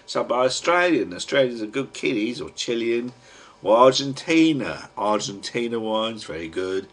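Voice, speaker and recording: A man's voice: mid-range voice, expressive, moderate pace. A man with a Cockney accent rambling to his webcam at home in a chatty, digressive way, full of slang and mild swearing. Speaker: webcam vlogger. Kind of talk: rambling casual monologue to a webcam.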